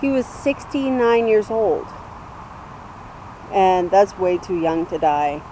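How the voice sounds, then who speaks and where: Slow, mellow-voiced young woman vlogging. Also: medium pitch, lively intonation, slight background noise, poor audio. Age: 20s. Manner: rambling, earnest storytelling with fillers. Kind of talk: casual tribute vlog.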